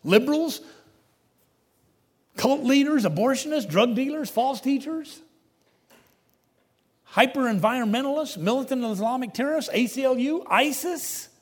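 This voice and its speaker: A man preaching a sermon, emphatic, swinging between loud declarations and hushed asides. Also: very high voice, lively intonation, normal speed, pauses often, husky. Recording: long reverb of a large hall.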